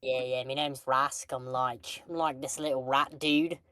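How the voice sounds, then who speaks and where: A man's voice: mid-range voice, fairly even intonation, smooth, no room sound. A man doing a cheeky British rat guy. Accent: put-on cockney-style British. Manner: halting, improvised, loud. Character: slippery little grey rat man, cocky.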